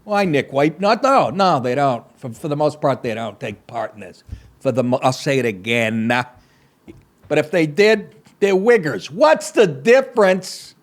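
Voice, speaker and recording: A man's voice: on the high side, expressive, measured pace. A middle-aged man hosting a comedy podcast, reading news stories aloud and breaking off into profane, sarcastic asides.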